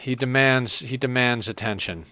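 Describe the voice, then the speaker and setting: A man's voice: mid-range voice, moderate pace. A man streaming a strategy game live, chatting casually and breaking off to coo at his cat. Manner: chatty, talks to his cat in soft baby talk. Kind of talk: live gameplay commentary.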